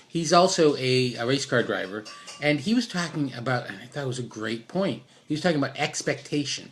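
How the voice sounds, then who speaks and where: At home with his dog, a middle-aged man offers casual life advice in a medium-pitched, slightly bright voice, with a little background noise. His talk rambles unscripted, full of fillers, restarts and self-deprecating asides.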